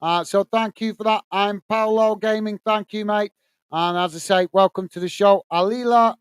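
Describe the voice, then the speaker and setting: Man, high and smooth, dry close mic, casual fan match commentary host. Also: fairly even intonation, normal speed, no room sound. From England. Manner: casual, reads viewer messages between play-by-play. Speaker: watch-along host. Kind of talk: live fan commentary and chat reading.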